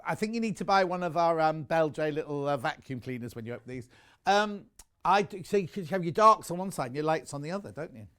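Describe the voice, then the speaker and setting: A man's voice: a little high, lively intonation, fast talker, a bit bright. A man presenting on a live shopping channel, chatty and enthusiastic, rambling into personal asides between prices.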